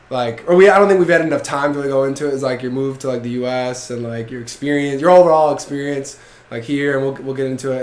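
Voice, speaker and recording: Young male podcast host, loose and profane, recorded in a roomy space. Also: fairly high pitch. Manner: loose, swears casually, laughs, many "like" fillers. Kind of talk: casual podcast chat. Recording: echoey room.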